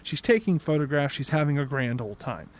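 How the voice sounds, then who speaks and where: A young man recapping a movie in a sarcastic, exasperated comedic rant into a desk microphone on a boom arm, swearing now and then. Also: lively intonation, fairly quick. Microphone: desk mic on a boom arm.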